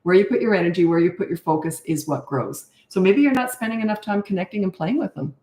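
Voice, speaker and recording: A woman's voice: on the low side, animated, quick pace, dark tone. Chatty older woman coach, roomy echo. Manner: chatty, emphatic, drifts into anecdotes. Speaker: parenting coach. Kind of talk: answering viewer questions, casual advice.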